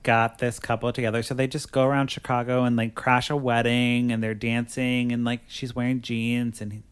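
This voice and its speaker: A man's voice: medium pitch, level tone, moderate pace, clean tone. A man hosting a podcast, casually recapping a movie plot and filling his talk with "like". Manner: chatty, fills speech with "like". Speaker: podcast host.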